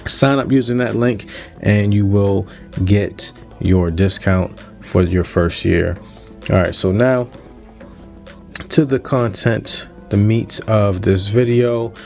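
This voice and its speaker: A man's voice: lowish voice, vocal fry, darkish tone. A man in his thirties, a music producer hosting a casual gear-unboxing vlog, upbeat and chatty as he plugs his channel.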